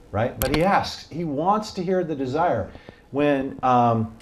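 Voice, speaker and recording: A man's voice: medium pitch, slow, pauses often, noisy background. A man leading a Bible study as its pastor, in a casual, joking teaching style, quizzing the group and acting out bits of the story. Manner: animated, jokey, asks the group questions and acts out voices.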